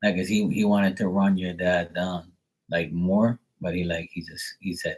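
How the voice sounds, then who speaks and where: A man's voice: sits low, level tone, moderate pace, darkish tone, poor audio. A man giving a live psychic reading in a casual, rambling way, full of fillers and the odd swear word. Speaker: psychic reader.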